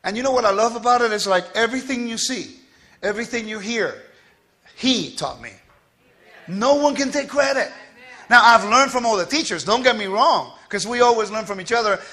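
A man giving a quick, scattered and playful teaching to a congregation, joking with the listeners as he goes. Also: very high voice, expressive, pushed and bright. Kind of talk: lively spoken teaching.

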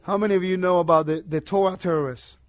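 Guy preaching a sermon, pretty high voice, drops quiet then gets loud and emphatic. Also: steady tone, fast. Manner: emphatic, rising and falling between soft asides and loud declarations.

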